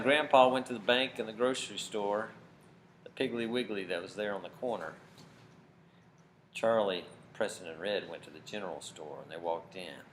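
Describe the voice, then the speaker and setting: A man with a fairly low voice tells a children's story at camp. He tells it dramatically, swelling loud at the big moments. A faint hiss sits under the recording. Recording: faint background noise.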